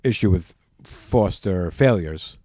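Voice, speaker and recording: A man's voice: deep voice, expressive, slow pace, warm tone, dry recording, studio quality. A man with a Long Island accent, rambling loosely as a podcast co-host in casual chat. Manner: chatty, rambling with restarts.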